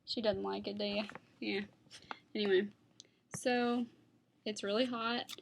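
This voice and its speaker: A woman's voice: mid-range voice, fairly even intonation, a little slow, creaky, slight background noise. A young woman chatting casually to her computer camera at home, rambling from one thing to the next and talking to her dog. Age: young adult. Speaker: vlogger. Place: at home, indoors. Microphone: computer webcam.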